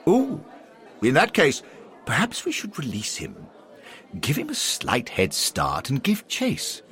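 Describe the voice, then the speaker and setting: A man voicing a boisterous, mocking old gentleman who founded a football club, in a loud, high, cackling voice. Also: wildly swooping pitch, takes it slowly, a faint crowd, full character voice. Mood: gleeful.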